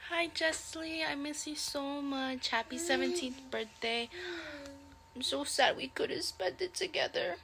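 A teenage girl with a slightly high, bright, tense voice speaks with affection and reassurance. Some gravel shows at the edges of her words. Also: a little slow. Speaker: friend recording a birthday message.

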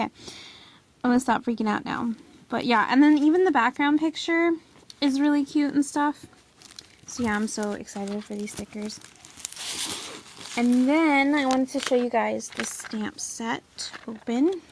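A young woman filming a casual haul video, gushing excitedly with lots of "like" and "oh my god". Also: fairly high pitch, unhurried, long pauses. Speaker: vlogger showing a haul.

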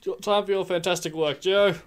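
Man, gaming host, casual let's-play chat, fairly high voice, laughs and swears a lot. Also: steady tone, quick pace, clear, resonant tone. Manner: laughs, swears loudly when scared.

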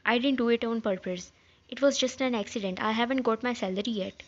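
A woman reading a fan fiction story aloud in a plain, even way, speaking all of the parts herself. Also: on the high side, fairly quick. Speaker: story narrator. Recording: slightly dull lo-fi sound.

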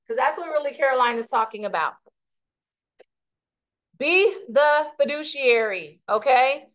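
A middle-aged woman teaching a live real estate class, telling stories with lively energy and often checking in with "right?". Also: high voice. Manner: animated storyteller, asks "right?" often. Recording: echoey lo-fi room recording.

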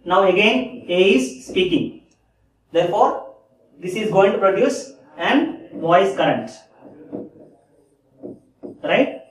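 A man giving a lecture in a classroom style who repeats key phrases and keeps checking that listeners follow. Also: high-pitched. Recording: echoey room, distant mic.

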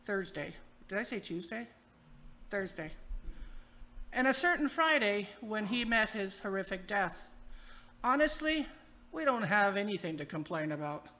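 A woman's voice: mid-range voice, lively intonation, moderate pace, bright, forceful tone. A woman minister giving a sermon in a playful, wry storytelling way. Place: church.

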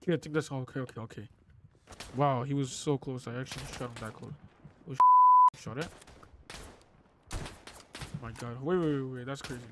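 A young man giving excitable gameplay commentary, exclaiming and swearing under his breath. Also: medium pitch, normal speed, pauses often, slight background noise. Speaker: gamer. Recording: game gunfire and beeps behind.

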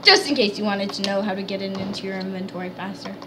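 A woman hosting a let's play, chatting excitedly and explaining the game as she goes. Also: medium pitch, fast, heavy background noise. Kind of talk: casual gameplay chat.

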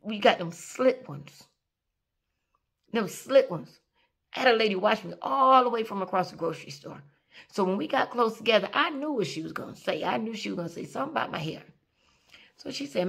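A woman, ranting to camera in an emphatic, scolding way, sometimes dropping to a low whisper for emphasis. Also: expressive, a little fast, gravelly, a bit bright, breathy edge. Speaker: vlogger. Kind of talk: direct-to-camera rant.

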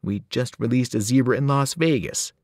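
A man, a teacher, reading a novel aloud with expressive storytelling. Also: mid-range voice, moderate pace, dry recording, clean studio sound.

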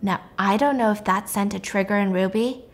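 A young woman YouTuber casually recapping a film's plot in a chatty, animated storytelling style. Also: medium pitch, a little fast.

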